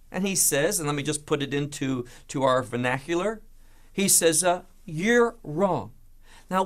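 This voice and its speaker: A man teaching a verse-by-verse Bible study, asking rhetorical questions and answering them himself, with an emphatic delivery. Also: on the high side.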